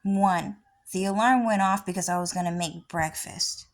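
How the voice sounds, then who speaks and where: A woman's voice: fairly low pitch, moderate pace. A woman vlogger talking in a rambling, casual monologue, often swearing.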